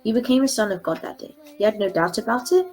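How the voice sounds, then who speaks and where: A woman reading aloud and voicing a kindly mission doctor who reassures people in a gentle, earnest way. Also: a little high, fast, lightly acted.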